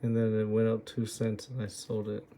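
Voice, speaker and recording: A man's voice: lowish voice, completely flat delivery, moderate pace, warm tone, a little hiss or hum. A man going over his own trades and muttering to himself, exasperated and swearing at his own choices. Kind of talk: muttering self-critical screen review.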